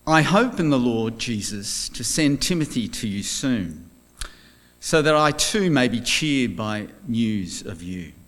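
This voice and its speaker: A man reading a Bible passage aloud in church, measured and solemn. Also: mid-range voice, a bit bright. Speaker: scripture reader.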